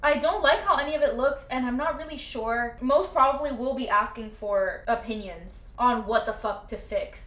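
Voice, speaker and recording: Chatty young-sounding woman with a higher voice. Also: normal speed, hardly any pauses, fairly bright tone, dull audio. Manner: chatty, rambling, peppered with fillers and swearing. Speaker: book vlogger. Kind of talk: casual chat. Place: home, by her bookshelves.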